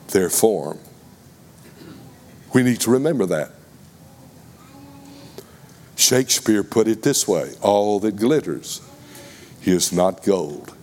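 A man preaching a sermon to a congregation in a slow, deliberate, emphatic way. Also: fairly low pitch, darkish tone. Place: congregation room.

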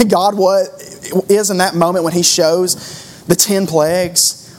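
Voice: mid-range voice, steady tone, slow pace, slight background noise. A preacher giving a conversational sermon, driving points home with rhetorical questions and repeated phrases.

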